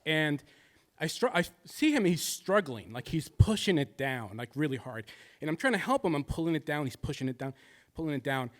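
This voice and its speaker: A man in his thirties telling a personal stand-up story, confessional and shifting between jokes and somber moments. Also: fairly high pitch. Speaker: stand-up comedian.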